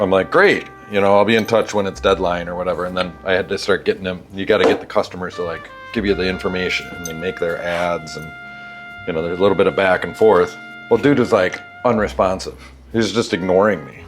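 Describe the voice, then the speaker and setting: Brief: very low-voiced male shop vlogger, stuffy nose, rambling candid storyteller. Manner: rambling, candid, profane asides. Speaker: bike shop owner and vlogger. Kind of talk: casual storytelling while working on a bike. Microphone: wireless clip-on mic.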